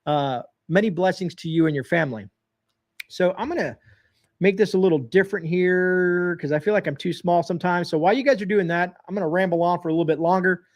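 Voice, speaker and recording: A folksy man chats through a casual livestream with a noticeably high, light voice. He rambles easily from one thought to the next, calls his viewers folks and greets people in the chat as he reads their comments. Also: brisk. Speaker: livestream host.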